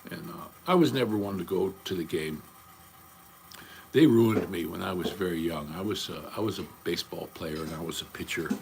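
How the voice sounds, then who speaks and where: A man's voice: sits low, moderate pace, gravelly, slight background noise. An older man chatting casually on a livestream, rambling from topic to topic in a blunt, profane way. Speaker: livestream host.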